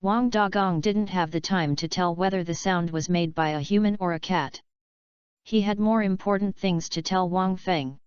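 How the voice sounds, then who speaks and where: A woman reads an audiobook in a steady, even way. Her voice is low and very clear. The recording is dry and slightly dull and lo-fi. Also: moderate pace, no echo. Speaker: audiobook narrator. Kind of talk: scripted narration.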